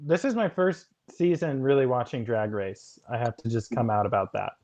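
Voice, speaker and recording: A man's voice: mid-range voice, normal speed, darkish tone. A man guesting on a casual video-call chat, playful and teasing. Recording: dull lo-fi audio.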